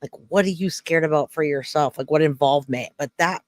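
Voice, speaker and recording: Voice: mid-range voice, brisk, no echo, studio quality. A co-host in casual chat who agrees and chimes in with short remarks.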